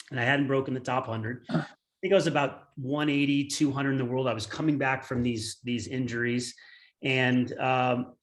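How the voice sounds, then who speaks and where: A man in his forties, a former pro turned tennis coach, telling a long story in a webinar with many fillers. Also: mid-range voice. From United States. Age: 40s.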